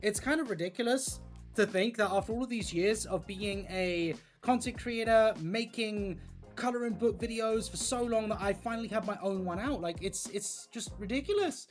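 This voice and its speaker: A livestream host and content creator chatting casually with viewers while colouring, excitable and gushing. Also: medium pitch, normal speed, soft background music. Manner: excitable and gushing, talking to chat.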